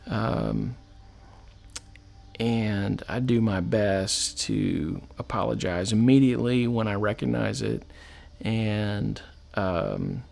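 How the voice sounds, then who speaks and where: A man talks slowly and reflectively as a husband and father, his low voice roughened by a gravelly fry. He pauses often and speaks in a measured way. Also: expressive, a little mellow. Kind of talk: personal testimony.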